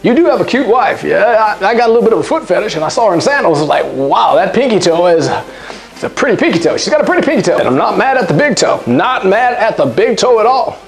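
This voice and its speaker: A woman's voice: mid-range voice, very animated, fast talker, soft background music. A woman doing a comic impression of a boastful, flirtatious aging male ex-president who rambles and brags. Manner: lecherous bragging, rambling asides.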